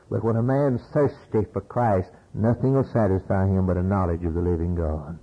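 An older American man preaching a sermon, now calm and low, then rising to loud, high exclamations. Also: brisk, few pauses, husky, rough recording. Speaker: pastor.

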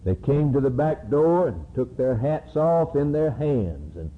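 A man preaching a sermon slowly and emphatically, climbing to high, ringing peaks. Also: sing-song, a little hiss or hum. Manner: slow, emphatic preaching that rises to high-pitched climaxes. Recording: narrow, phone-like recording.

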